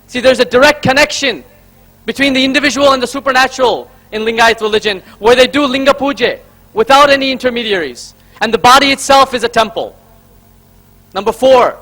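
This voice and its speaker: High bright-voiced man giving a speech. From Karnataka, India. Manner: rhetorical, addresses the audience as friends, counts off points. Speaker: speaker at a convention. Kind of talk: public speech with storytelling. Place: convention hall stage.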